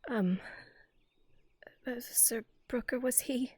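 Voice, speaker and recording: A woman playing a hesitant young woman in grief during a live role-play, speaking softly and haltingly. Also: fairly high pitch, husky, no room sound. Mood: subdued. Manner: soft, hesitant, subdued.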